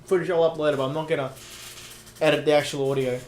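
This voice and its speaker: A man's voice: on the high side, steady tone, fast, darkish tone, a little hiss or hum. A teenage boy chatting bluntly and teasing on a casual podcast. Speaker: podcast co-host. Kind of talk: casual chat.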